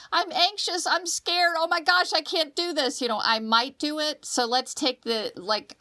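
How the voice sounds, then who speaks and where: A woman co-hosting a podcast in casual chat, telling stories expressively with frequent restarts. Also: medium pitch. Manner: expressive, restarts often, animated storytelling. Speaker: podcast co-host.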